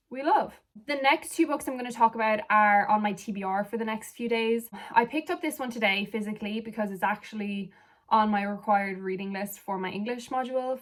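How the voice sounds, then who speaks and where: A young woman from Ireland, a book vlogger chatting casually and rambling off on tangents while sitting far back from the camera at home. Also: mid-range voice. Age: young adult. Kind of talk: casual chat.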